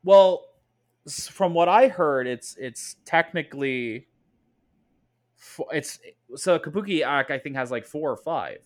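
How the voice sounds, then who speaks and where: A man's voice: on the high side, expressive, a little slow. A man co-hosting a casual podcast chat, enthusiastic and often correcting himself mid-sentence. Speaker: podcast co-host.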